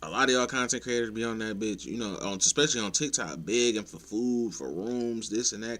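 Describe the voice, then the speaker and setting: A man's voice: fairly low pitch, quick pace, few pauses, a bit bright. A young adult man ranting casually to his viewers, blunt and profane, getting exasperated at times. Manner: laid-back, blunt, profane, rises to exasperation. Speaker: content creator ranting to viewers. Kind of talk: casual opinion rant.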